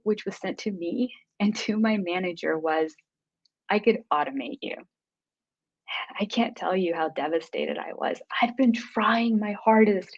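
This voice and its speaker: A woman giving a motivational conference talk, earnest and emotional, speaking in quick bursts. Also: mid-range voice. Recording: dull lo-fi recording.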